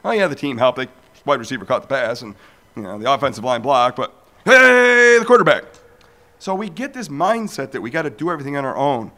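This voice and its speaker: A man preaching a storytelling sermon, animated and acting out dialogues as he goes. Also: mid-range voice, fast.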